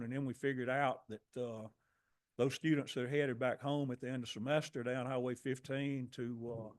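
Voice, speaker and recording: A rural resident speaking plainly to county commissioners during public comment, telling his story conversationally. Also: medium pitch. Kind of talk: public comment at a town hall.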